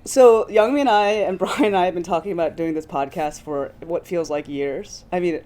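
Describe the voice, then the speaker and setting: A woman's voice: fairly low pitch, moderate pace, dark tone. A woman speaking as a guest on a podcast, effusive and emotional, laughing often as she talks. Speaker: guest producer. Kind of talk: casual podcast conversation.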